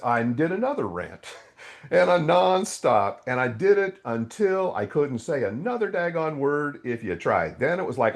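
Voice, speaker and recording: A man's voice: a little high, very animated, a little slow. A middle-aged man, a podcast guest, telling his faith story in a raw, candid way and acting out his own past outbursts. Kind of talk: candid testimony in an interview.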